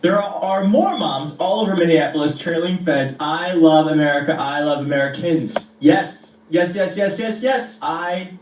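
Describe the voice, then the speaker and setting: A man's voice: a little high, normal speed, hardly any pauses, darkish tone. A man giving casual reaction commentary to a video, amused and earnest as he speaks to his viewers. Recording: roomy, distant mic with faint noise.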